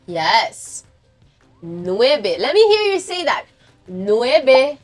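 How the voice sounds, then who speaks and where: Woman children's teacher, high animated voice, slow and encouraging, faint music bed. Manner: slow, cheerful, praising and prompting children to repeat. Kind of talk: kids' counting lesson.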